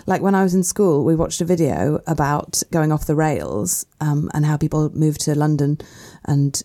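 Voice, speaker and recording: A woman's voice: sits low, normal speed, mellow. A young Welsh woman comedian, chatty and often laughing, retelling a myth for comic effect in a podcast studio. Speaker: comedian guest.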